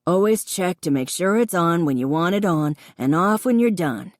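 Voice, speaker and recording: A woman's voice: fairly low pitch, expressive, moderate pace, mellow, no room sound, studio quality. A woman narrator voicing an eager, literal-minded young man with a childlike, earnest manner in an audiobook.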